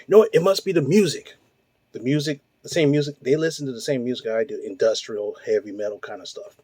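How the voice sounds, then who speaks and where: Swearing and fired up, a forty-something host rattles off rhetorical questions in a ranting monologue. His medium-pitched voice moves fast and sounds warm and mellow with little brightness. There is no room echo; the recording is dry and close.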